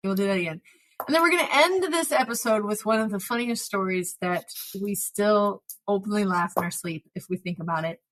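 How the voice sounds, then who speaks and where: A woman hosting a podcast, telling a story in casual chat and acting out the quoted lines with a lively delivery. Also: mid-range voice, fairly quick, poor audio. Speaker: podcast host.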